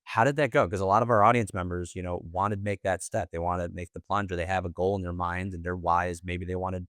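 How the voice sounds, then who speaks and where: A man's voice: sits low, steady tone, fast talker, fairly bright tone, dry recording, studio quality. A man hosting a sales podcast, asking questions in an enthusiastic, encouraging way. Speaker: podcast host. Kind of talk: casual interview.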